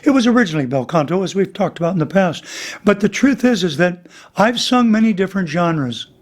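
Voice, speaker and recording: High-voiced older male vocal coach. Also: fairly quick. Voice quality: voice he says is damaged. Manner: animated, breaks into singing demonstrations. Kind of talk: casual teaching interview with sung examples.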